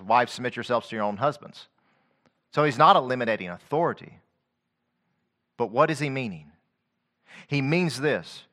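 A man preaches a sermon, quoting scripture in a rhythmic cadence. He swings between quiet, low passages and loud, rising declamation.

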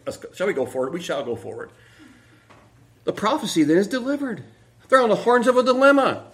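A man preaching a sermon as pastor, animated and acting out the quotations he reads. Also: fairly high pitch. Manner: animated, acts out quotations with sudden swings in voice.

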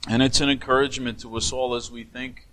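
A male pastor giving an earnest memorial sermon in a church sanctuary, speaking gently with frequent restarts. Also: mid-range voice, flat delivery, fast, low-quality recording.

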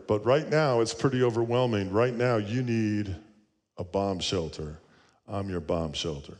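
A man speaking as God, softly and reassuringly, offering protection. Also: big-room sound, lightly acted. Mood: hushed. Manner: soft, low, reassuring.

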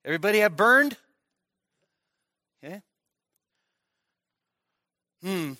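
A man's voice: on the high side, animated, takes it slowly, bright, forceful tone, no room sound, studio quality. A male pastor preaching an expository sermon at a midweek church service, talking conversationally and often checking in with the congregation.

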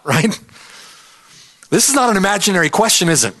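Male preacher, emphatic, earnest, repeats for stress, fairly high voice, very lively swings. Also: brisk. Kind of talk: expository sermon.

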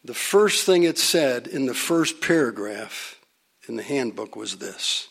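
A man at mid pitch with a gravelly edge, preaching through a personal story. He slows down for emphasis and sometimes sinks almost to a whisper. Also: animated. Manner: dramatic pauses, drops to a near whisper. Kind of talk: storytelling sermon.

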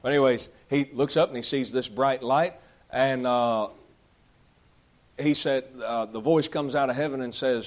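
A man's voice: medium pitch, moderate pace. A man preaching a sermon, reading scripture aloud and explaining it in folksy, conversational asides.

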